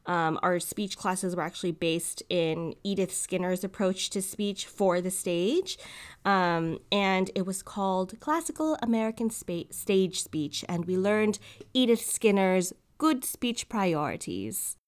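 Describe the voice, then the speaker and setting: A woman's voice: medium pitch, expressive, measured pace. Woman in her 30s, podcast co-host, giggly, upbeat, casual chat, lots of ums. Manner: giggly, upbeat, many fillers.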